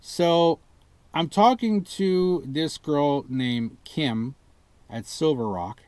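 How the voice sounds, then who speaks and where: A man's voice: fairly high pitch, drawn-out words, darkish tone, dry recording. A man telling a frustrated story about a car purchase gone wrong and mimicking the people he quotes. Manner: exasperated, retelling a phone ordeal with rising indignation. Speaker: customer reviewing a car purchase. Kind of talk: casual complaint story vlog.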